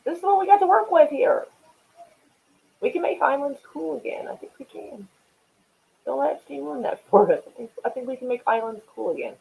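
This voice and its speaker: A woman's voice: sits high, a little fast, vocal fry, mellow. A woman from Oklahoma hosting a casual livestream, chatting with viewers in a profane, rambling way and often laughing at herself. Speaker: livestream host. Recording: tinny phone-like audio.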